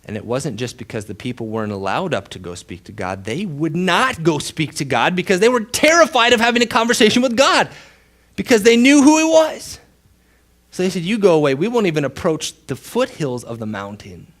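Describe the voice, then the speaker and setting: A male pastor preaching a sermon with dramatic storytelling, dropping to a hush and then rising loud for emphasis. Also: fairly high pitch, sing-song, a little fast. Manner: dramatic storytelling, swings between hushed and loud.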